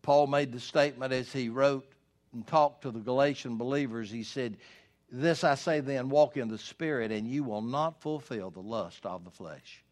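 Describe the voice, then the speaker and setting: A man's voice: mid-range voice, normal speed, a little mellow. A man preaching a sermon as pastor, earnest and pleading, his voice climbing when he voices prayers.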